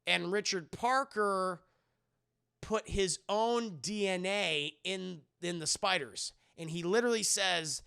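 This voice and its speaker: Brief: gravelly male streamer, casual profane film recap, higher voice. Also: slow pace, sharp tone. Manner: profane, joking, recaps scenes loosely. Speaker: film reviewer and livestreamer. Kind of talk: casual spoiler review on a live stream.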